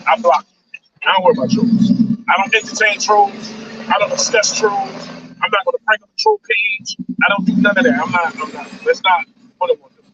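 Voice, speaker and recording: A man, hosting a live stream and lecturing his audience, repeating lines and saying "man" a lot. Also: high-pitched. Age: 40s. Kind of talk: casual monologue on a live stream. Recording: dull, distant mic with faint noise.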